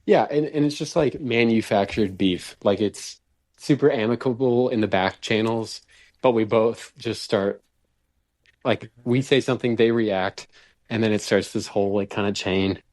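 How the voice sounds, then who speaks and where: A man's voice: on the low side, moderate pace, darkish tone, dry recording. Laid-back male podcast co-host, dry sound. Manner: laid-back, many "like" and "kinda" fillers. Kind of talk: casual chat.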